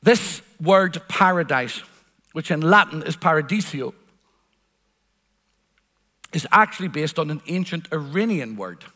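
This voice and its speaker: A man's voice: on the high side, fairly bright tone. A man preaching a sermon, earnest and emphatic, repeating phrases for weight. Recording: long hall reverb.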